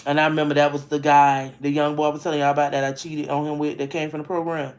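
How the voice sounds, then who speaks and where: This vlogger has a low, slightly mellow voice with a level tone, and she talks fast. Chatting from inside her home, she tells stories bluntly, laughs a lot, and restarts her sentences often.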